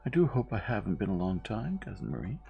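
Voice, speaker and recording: A man's voice: lowish voice, wildly swooping pitch, quick pace, gravelly, highs cut off, faint music behind, pitched above the performer's own voice, heavily acted. A man doing a meek, earnest young woman. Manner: sincere, mild.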